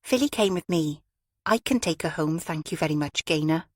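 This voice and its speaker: Woman reader doing a scornful, sharp-tongued woman, low and clipped. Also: animated, normal speed, no room sound, studio quality.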